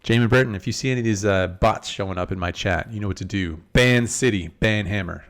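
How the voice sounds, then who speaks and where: Talking at a quick pace in a fairly low voice, this man hosts a casual poker stream in Las Vegas. He chats comfortably with viewers and reads their messages while breaking down his hands.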